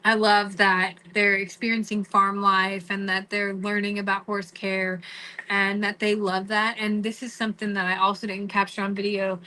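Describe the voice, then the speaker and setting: A woman's voice: mid-range voice, flat delivery, normal speed, bright, forceful tone, low-quality recording. A middle-aged woman telling a story to camera in a chatty way, with many restarts and quoted remarks. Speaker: vlogger.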